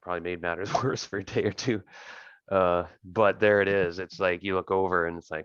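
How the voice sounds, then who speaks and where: Low-voiced man running a tabletop game. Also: a little fast, smooth, no room sound, lo-fi sound. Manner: relaxed, rambling narration with fillers. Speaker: game master.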